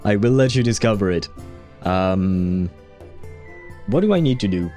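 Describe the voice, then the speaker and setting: A man's voice: fairly low pitch, expressive, unhurried, mellow, soft background music. Rambling male game streamer. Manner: rambling, filler-heavy, laughs often; swears when frustrated. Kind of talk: casual gaming commentary.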